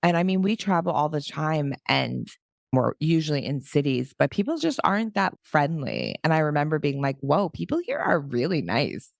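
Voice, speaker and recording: Animated low-voiced woman. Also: normal speed, vocal fry, no room sound, studio quality. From New Jersey, USA. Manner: animated, acts out quoted voices. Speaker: podcast host. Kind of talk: casual chat.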